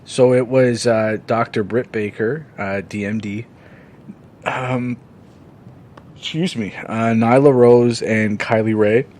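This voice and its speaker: A man co-hosting a casual podcast chat, rambling with lots of fillers and swearing freely when excited. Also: mid-range voice, slow, a little hiss or hum. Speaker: podcast co-host.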